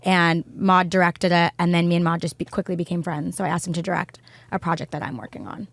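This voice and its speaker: A woman's voice: on the low side, fairly even intonation, creaky, dry recording. A young woman as a podcast guest, chatting casually and telling stories in a bubbly way, acting out quotes. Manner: bubbly, fast storytelling with acted-out quotes.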